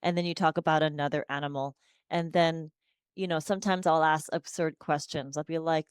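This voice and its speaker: Her voice sits low with a steady, clean tone and a fairly quick pace, recorded in a clean studio with no room sound. She is a forties-aged speech-language pathologist chatting casually on a podcast, going sing-song as she models how to speak to children.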